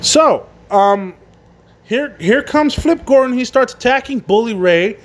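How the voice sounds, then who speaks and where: A man's voice: very high voice, expressive, a little slow. A man hosting a casual solo wrestling review, rambling and swearing, with many fillers and restarts. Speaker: wrestling podcast host.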